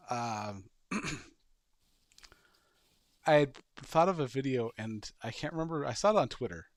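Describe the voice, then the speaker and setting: A podcast co-host talks in a loose, rambling way, stopping to restart his thoughts and adding silly sound effects as he tells a story. His voice sits at an ordinary middle pitch. It is recorded close and dry, with no room sound. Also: no echo. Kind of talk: casual chat.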